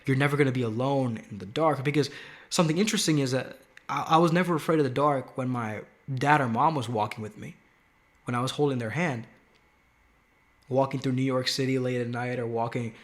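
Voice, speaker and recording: A man's voice: mid-range voice, brisk. A man hosting a Christian video show, talking animatedly and posing rhetorical questions to the viewers. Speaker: host. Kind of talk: faith video show monologue.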